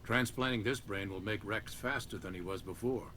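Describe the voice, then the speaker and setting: A man voicing a composed, businesslike male surgeon, measured and formal. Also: fairly low pitch, pushed and bright, a little hiss or hum.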